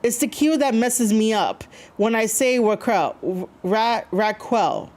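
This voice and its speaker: A woman streaming live reacts to wrestling, her voice on the high side, unhurried, and darkish. She chats casually with viewers, rambling, using plenty of fillers, and reading chat messages aloud.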